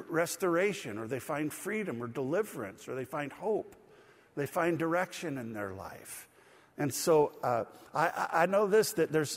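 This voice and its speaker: A middle-aged male pastor preaching a conversational, animated sermon with light humor and asides. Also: a little high, husky, in a large hall. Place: church.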